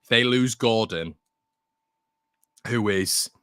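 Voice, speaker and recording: A man's voice: fairly low pitch, takes it slowly, fairly bright tone, smooth, no room sound, studio quality. Chatty man hosting a fan stream. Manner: chatty, reads out viewer comments, opinionated. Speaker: fan channel host. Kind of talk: casual live-stream chat.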